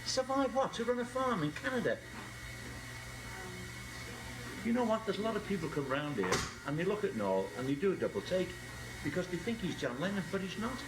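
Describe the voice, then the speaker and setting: An actor playing a blustery, defensive middle-aged farmer with a Scouse accent, in found-footage style. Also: male voice, high voice, big pitch swings, fast talker, over music. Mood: scoffing. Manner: blustery, defensive, calls people mate. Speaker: farmer guarding his cousin. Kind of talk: found-footage film acting. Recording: noisy handheld camera audio.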